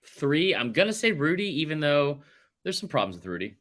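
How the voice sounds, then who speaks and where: A male podcast host in loose sports chat with a bright, forceful tone. He rants with big swings in pitch and swears freely. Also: brisk. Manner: animated, ranting, swears freely.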